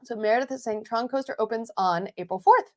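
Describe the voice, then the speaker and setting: A woman's voice: fairly high pitch, a little fast, darkish tone. A woman co-hosting a live podcast, talking in a bubbly, giggly way with lots of "like" fillers. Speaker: podcast co-host. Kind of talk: casual live podcast chat. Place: home recording setup in Long Beach, California. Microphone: new podcast microphones.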